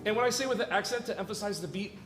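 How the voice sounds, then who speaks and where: A man's voice: high voice, racing. A man coaching a student orchestra in rehearsal, joking and counting and singing rhythms aloud. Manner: playful, jokey, counts and sings rhythms aloud. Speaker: guest orchestra clinician. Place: large hall with student orchestra. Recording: echoey hall, orchestra playing, from a distance. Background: orchestra music.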